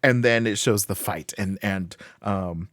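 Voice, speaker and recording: A man co-hosting a podcast, excitedly recapping a comic book issue, laughing often and acting out the characters' lines. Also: lowish voice, measured pace, no echo, studio quality. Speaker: podcast co-host.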